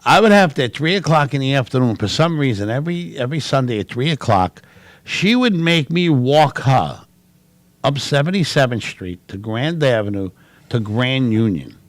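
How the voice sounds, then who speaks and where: A man from New City, co-hosting a casual chat and telling lively family stories. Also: mid-range voice, moderate pace, no echo. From New York City. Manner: animated, loud storyteller. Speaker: co-host.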